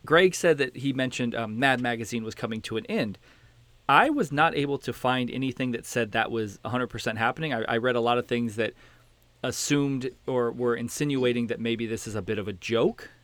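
A man's voice: mid-range voice, brisk, a bit bright, dry recording. Teasing male podcast host, dry sound. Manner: joking, teasing questions. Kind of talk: casual chat.

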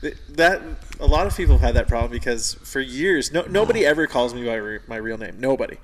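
A man's voice: medium pitch, lively intonation, quick pace, slight background noise. A man from Canada chatting casually on a podcast, telling long rambling stories and swearing freely. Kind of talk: casual chat.

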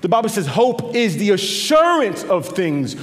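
A man preaching a sermon as pastor, swinging between quiet intimate passages and louder emphatic lines, often repeating words as he builds a point. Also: high-pitched, normal speed. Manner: animated preaching, drops to quiet intimate tones and rises for emphasis. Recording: long reverb of a large hall.

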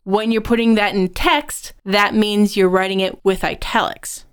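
A woman co-hosting a writing-advice podcast, explaining points in a measured, instructive way. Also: mid-range voice, steady tone, clear, resonant tone. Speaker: podcast co-host.

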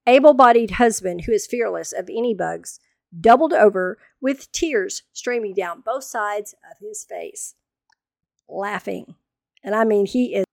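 Animated woman telling a story. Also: medium pitch, creaky, no room sound, clean studio sound. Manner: animated, dramatic, humorous retelling. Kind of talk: casual storytelling monologue.

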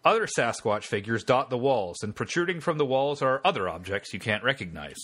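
A man narrates a text adventure game aloud with a lively, rising and falling delivery. His voice is bright and forward, and he slips between reading the game's lines and joking with his friend. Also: medium pitch, a little fast, husky. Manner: reads game text aloud, then chats and jokes.

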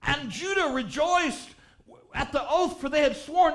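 A man preaching a revival sermon in church, reading scripture aloud and rising fervently into shouts on key phrases. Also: very high voice, measured pace. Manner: reads scripture aloud in old-style wording.

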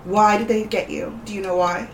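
A woman playing a tabletop game, asking quick, suspicious questions. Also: medium pitch, fairly even intonation, vocal fry, slight background noise. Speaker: player. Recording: roomy echo.

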